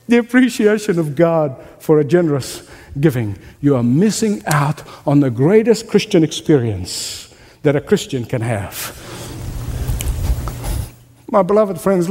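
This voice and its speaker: High-voiced preacher in an echoing hall. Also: male voice. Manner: animated preacher, acts out voices with laughs. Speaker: pastor. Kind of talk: sermon. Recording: long reverb of a large hall.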